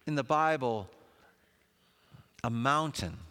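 A man preaching a sermon in a lively, conversational way, with asides to the congregation. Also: medium pitch, takes it slowly, clean tone. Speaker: pastor. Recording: long hall reverb.

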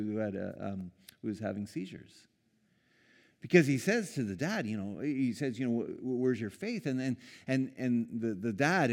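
A man preaching a sermon in a casual, conversational way, lively when quoting and quick to chuckle. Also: mid-range voice, long reverb tail. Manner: conversational, animated when quoting, with small laughs and restarts. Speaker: pastor.

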